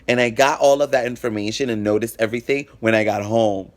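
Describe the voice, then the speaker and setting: Fast and steady in tone, his mid-range voice carries a vlogged personal story told casually. He's frank, swears, plays up the drama and acts out the quoted back-and-forth.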